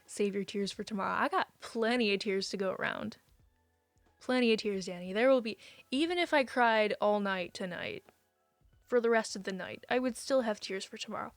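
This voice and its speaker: Streaming live, a young woman talks casually with her viewers and reads out their messages, getting emotional and readily saying she'll cry. Her voice is medium in pitch, with no echo and soft background music.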